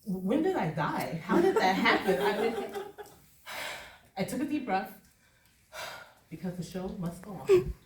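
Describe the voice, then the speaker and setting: Animated woman telling a story on stage. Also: medium pitch, measured pace, long pauses, background noise. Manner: lively, laughing often, conversational. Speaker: performance poet. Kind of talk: live spoken-word storytelling. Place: stage at a live venue. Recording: echoey live room, far from mic.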